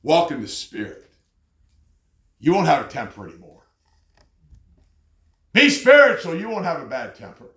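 A man preaching a sermon with an animated delivery, often jumping high in pitch as he acts out angry people. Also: fairly quick, pauses often. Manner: animated, jumps to high pitch when mocking others. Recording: echoey room.

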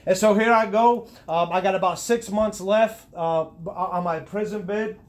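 In an unhurried, high voice, a middle-aged man tells his personal testimony as a guest in a conversational interview. Earnest and prone to restarts, he rises and grows lively at points of emphasis.

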